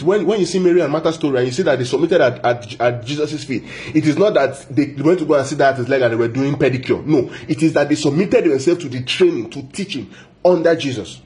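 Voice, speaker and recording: A man preaching a Bible sermon, repeating phrases for emphasis, asking the listeners questions and stretching key words out slowly. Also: fairly high pitch, a little mellow.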